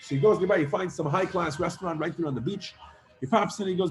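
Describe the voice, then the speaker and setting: A man teaching a class, telling a long parable with lively acted-out voices and casual fillers. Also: high voice, fast, soft background music. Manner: animated storyteller, acts out characters with many fillers. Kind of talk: storytelling lesson to students.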